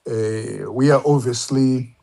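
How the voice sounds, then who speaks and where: A man's voice: medium pitch, slow, creaky, warm tone. A man speaking on a casual online panel, thoughtful and hesitant, with many fillers and restarts. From Zimbabwe. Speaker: panel guest.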